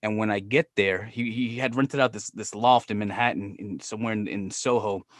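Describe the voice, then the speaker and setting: A man appears as a podcast guest, telling wrestling stories in casual, profane chat and animatedly acting out what he and others said. His voice is on the low side at a normal speed, in a studio-quality recording with no echo.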